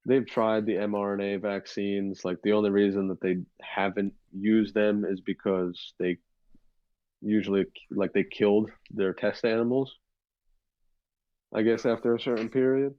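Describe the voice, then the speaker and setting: Low-voiced man in his twenties, rambling. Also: flat delivery, normal speed, no room sound, highs cut off. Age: 20s. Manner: rambling, many fillers and restarts. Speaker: podcast co-host. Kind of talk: casual chat.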